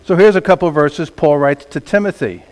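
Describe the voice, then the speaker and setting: A man preaching a sermon as pastor, swinging between quiet remarks and loud emphatic passages. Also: on the high side, a little fast. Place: church sanctuary. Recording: long reverb of a large hall.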